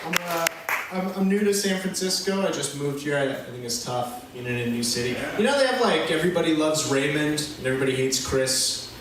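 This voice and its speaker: A man's voice: on the high side, expressive, a little fast, a little hiss or hum. A young man doing a stand-up set, self-deprecating and stammering as he goes. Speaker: stand-up comedian. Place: comedy club. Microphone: phone filming from the audience. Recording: echoey club from far off with crowd. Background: crowd laughter.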